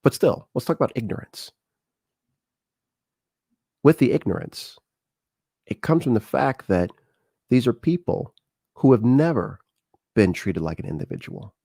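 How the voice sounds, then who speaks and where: A man's voice: mid-range voice, a little slow, vocal fry, pauses often, breathy edge, no echo, studio quality. A middle-aged man hosting a talk show, talking casually and telling stories with acted-out dialogue. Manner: conversational, animated storytelling with acted-out dialogue. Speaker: show host.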